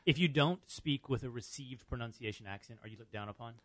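A man's voice: medium pitch, a little fast, no echo. An American man hosting a radio talk show, chatting casually and teasing his guest. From United States.

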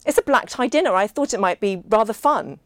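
A woman's voice: fairly high pitch, lively intonation, fairly quick, no echo, clean studio sound, voice pushed up, natural voice. A woman reading the part of an anxious, eager-to-please man who forces a jolly tone. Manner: strained jolly, tentative. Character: eager, anxious-to-please male dinner guest.

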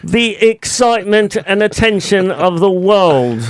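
A man's voice: high voice, animated, unhurried, no echo. A man giving a mock news report with an announcer-like delivery on a comedy panel.

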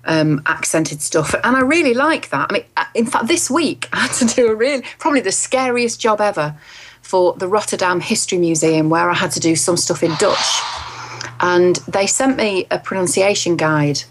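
A woman's voice: on the low side, expressive, moderate pace, slight background noise. A woman from England working as a voice artist, talking in an interview in a chatty way and laughing easily. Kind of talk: interview conversation.

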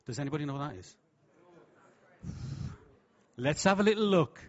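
A man preaching a sermon with humour, lively and jokey, slipping into voices for quotes. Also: on the high side, moderate pace. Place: church hall. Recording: dull, lo-fi sound.

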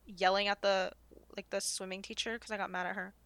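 A woman's voice: medium pitch, a little fast, no echo. A young woman co-hosting a podcast, telling stories in casual chat with lots of fillers. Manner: animated storytelling, lots of fillers. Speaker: podcast co-host.

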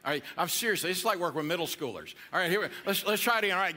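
A man's voice: high voice, animated, racing, few pauses, sharp tone, slight background noise. A middle-aged man preaching a playful, interactive sermon to a church congregation and coaxing them to answer back. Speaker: pastor.

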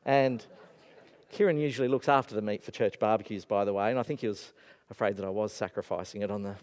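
A man's voice: on the low side, fast talker. Man preaching in an echoey hall. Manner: animated storytelling with acted-out voices. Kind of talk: sermon.

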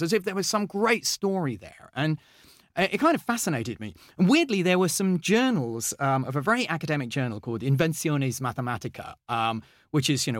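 Raised in England, a mathematician guest in a conversational interview recounts his past with eager, lively energy, stumbling through many fillers and restarts. His voice is a touch high for a man, recorded close and dry without any room sound.

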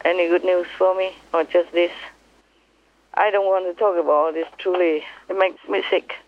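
Heard through a telephone with a tinny quality, a woman teacher of spiritual matters speaks to followers at a moderate pace. Her voice is lowish and level in tone, yet her delivery is fervent, forceful, and full of repetition.

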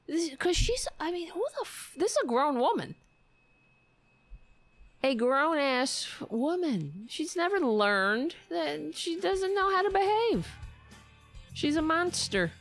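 A woman's voice: high-pitched, very animated, a little slow, faint music behind. A woman hosting a political podcast livestream, talking in a sarcastic, mocking and profane way, rambling and correcting herself as she goes.

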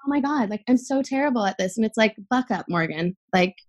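A woman's voice: fairly high pitch, expressive, brisk. A young adult woman athlete, a podcast guest, talking casually with lots of fillers and a gushing, open manner. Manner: chatty, gushing, many fillers.

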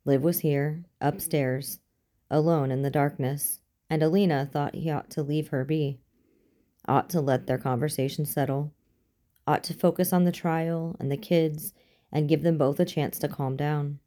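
Woman, audiobook narrator, low pitch, warm mellow tone, steady measured reading.

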